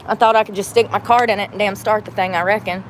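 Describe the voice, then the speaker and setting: A woman talks to her livestream from a truck at a gas station. She is rambling, candid and salty-mouthed, with a mid-pitched voice. Faint vehicle noise hums behind her on a phone mic. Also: fairly even intonation, quick pace. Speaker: vlogger. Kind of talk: casual chatty livestream.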